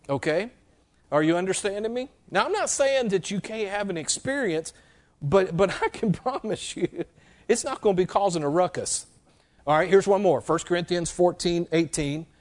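A man's voice: sits high, moderate pace, a little mellow. A middle-aged man preaching a conversational teaching sermon as a pastor, checking in often with his listeners.

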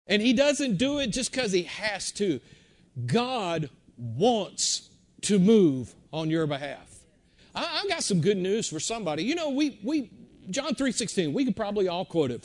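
High-voiced conversational male preacher. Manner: conversational, repeats words, swings between loud and hushed. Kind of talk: sermon.

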